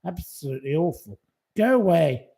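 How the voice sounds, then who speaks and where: A man's voice: fairly high pitch, big pitch swings, moderate pace, creaky, dark tone. A man hosting a live stream, indignantly scolding commenters in blunt, profane, repetitive retorts. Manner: repeats short dismissals.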